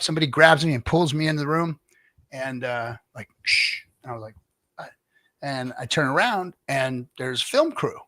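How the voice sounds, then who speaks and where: Middle-aged guy telling a wild story on a stream, bright tone, close dry mic. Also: fairly high pitch, no room sound. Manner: animated anecdote-telling, acts out other people's lines. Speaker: livestream guest telling stories. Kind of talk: casual storytelling chat.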